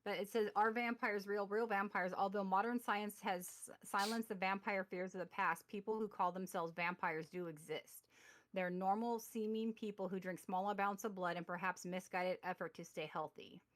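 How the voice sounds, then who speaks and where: A woman's voice: medium pitch, fairly even intonation, moderate pace, fairly bright tone, dry recording. Rambling woman co-host on a dry mic. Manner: rambling, with many fillers and restarts. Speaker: podcast co-host. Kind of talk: casual chat, reading articles aloud. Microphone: remote call mic.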